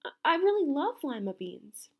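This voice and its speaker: A woman voicing a high-pitched young girl. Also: sing-song, moderate pace. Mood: pleading. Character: young schoolgirl, shy then excited.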